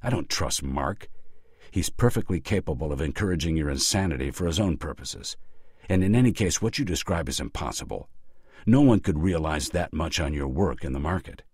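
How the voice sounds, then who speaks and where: Weary skeptical wife and gallery owner, read by a man with a very deep husky voice, dry studio sound. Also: animated, a little fast, a little mellow, no room sound, full character voice. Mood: incredulous. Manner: doubtful, dry, reproachful.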